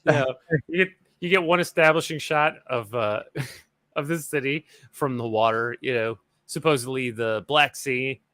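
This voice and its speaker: Bright-voiced joking male podcast host. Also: mid-range voice, a little slow, no room sound. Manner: joking, laughs often. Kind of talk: casual movie-review chat.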